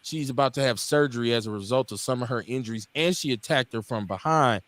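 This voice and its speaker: A man's voice: mid-range voice, fast talker. A man in his forties from Milwaukee, hosting a casual talk radio show, blunt and profane, acting out the people in his stories. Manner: animated storyteller, acts out quotes.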